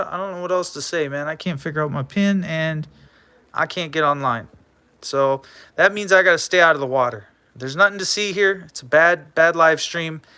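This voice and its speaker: High, bright-voiced man rambling on a stream. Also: clear, resonant tone, no echo. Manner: rambling and joking, trips over words; talks to a coin as if it were a person. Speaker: live streamer. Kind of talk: rambling live stream chat.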